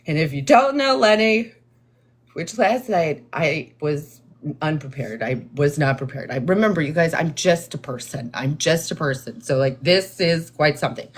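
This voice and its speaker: A woman talking slowly and deliberately to her livestream viewers, in a calm, measured tone that she says viewers hear as condescending. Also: sits low. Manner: deliberate, therapist-like, calm and explanatory. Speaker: livestream host responding to chat. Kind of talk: slow, measured live-stream talk to viewers.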